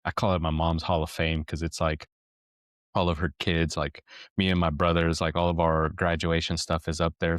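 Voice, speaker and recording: A man with a deep, low voice tells a family story on a parenting podcast. He rambles and restarts often, and his tone turns reflective. The sound is dry and close, with no room around it. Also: smooth, no echo. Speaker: podcast co-host. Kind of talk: casual storytelling chat.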